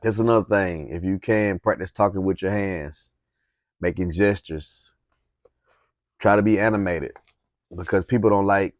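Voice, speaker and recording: A man with a Southern US accent giving casual, encouraging advice on speaking, relaxed and rambling. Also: deep voice, no room sound, clean studio sound. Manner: relaxed, encouraging, rambling with fillers and reading aloud. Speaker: speaking coach. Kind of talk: casual instructional talk.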